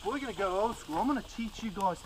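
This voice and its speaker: High-voiced young man, mock-earnest host. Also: expressive, fast, distant mic, a little hiss or hum, rough recording. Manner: over-earnest, fake-dramatic enthusiasm about silly gear. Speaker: host of a parody survival show. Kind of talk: mock-serious comedy survival presenting.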